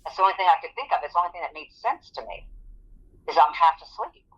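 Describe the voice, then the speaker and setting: A woman's voice: on the low side, expressive, fast. A woman recounts her own story as a guest in an interview. She speaks earnestly and brings the moments to life by acting out what people said. The recording is somewhat dull and lo-fi. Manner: earnest, vivid storytelling that acts out quoted speech. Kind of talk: personal testimony in an interview.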